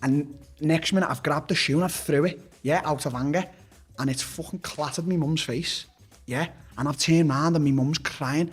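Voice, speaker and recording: Husky Liverpool man, blunt and sweary. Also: fairly high pitch, steady tone, normal speed. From Liverpool, England. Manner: blunt, swears constantly, restarts sentences. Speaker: podcast guest, fighter. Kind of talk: candid personal storytelling.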